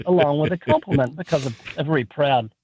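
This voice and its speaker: A man with a New Zealand accent, a guest author telling lively, joking stories in a radio interview over the phone. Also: a little high, fast talker, a little hiss or hum. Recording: tinny phone line.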